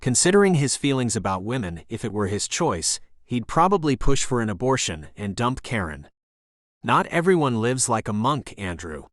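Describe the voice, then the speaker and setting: A man's voice: mid-range voice, sing-song, moderate pace, no room sound. Man narrating a romance audiobook, dry.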